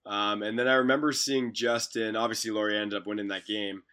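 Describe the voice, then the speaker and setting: A university head basketball coach chats casually on a podcast in a lowish, level voice that's a little fast, bright, and forceful. He's talkative and repeats words as he tells stories.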